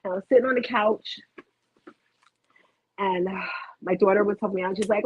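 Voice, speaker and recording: A woman's voice: medium pitch, brisk, long pauses, slightly rough, no echo. A middle-aged woman hosting a rambling live motivational talk, chatty and prone to tangents, telling stories animatedly into her computer webcam at home. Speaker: motivational host. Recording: tinny phone-like dry audio.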